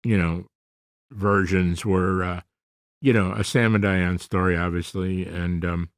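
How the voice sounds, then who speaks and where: A man in his seventies with a very deep voice talks as a guest on a podcast, recorded dry and close. He rambles in an easygoing way, full of small pauses and fillers. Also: no room sound. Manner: relaxed, rambling, many fillers. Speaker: guest, comedy actor. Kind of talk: conversational interview.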